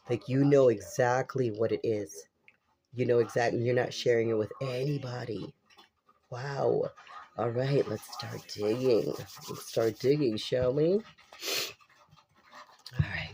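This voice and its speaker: A man with a stuffy, congested nose reads tarot cards in a casual, chatty way, repeating lines and dropping the odd curse. His voice has a mellow, warm tone at a middle pitch. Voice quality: unusual voice. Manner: repetitive, exclamatory, casual swearing. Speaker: tarot reader.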